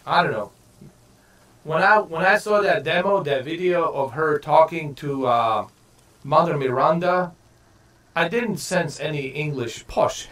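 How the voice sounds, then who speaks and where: A man's voice: fairly high pitch, a little slow, fairly bright tone. Man rambling casually on a game stream. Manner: rambling, profane, many fillers and restarts. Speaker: gaming streamer.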